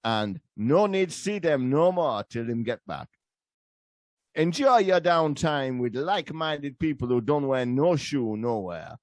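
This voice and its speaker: A man putting on a patois voice as a male radio ad announcer with a slow, drawling sales pitch. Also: expressive, a little mellow, dry recording, natural voice. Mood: mock salesy.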